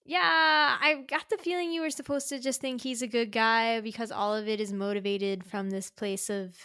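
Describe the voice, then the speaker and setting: Bright high-voiced laughing woman host. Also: moderate pace, smooth, no echo, clean studio sound. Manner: laughs often, animated retellings. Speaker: podcast host. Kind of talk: casual chat.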